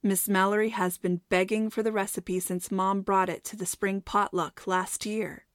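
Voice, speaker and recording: A woman's voice: medium pitch, level tone, normal speed, dry recording, clean studio sound, lightly acted. A woman voicing a confident, scheming schoolboy who speaks in a matter-of-fact, assured way.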